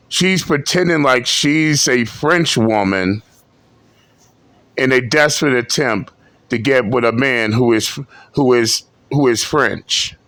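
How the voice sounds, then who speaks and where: Slow mocking commentary guy, blunt, dry close mic. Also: medium pitch, fairly bright tone, dry recording. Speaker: commentary host. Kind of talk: reaction commentary.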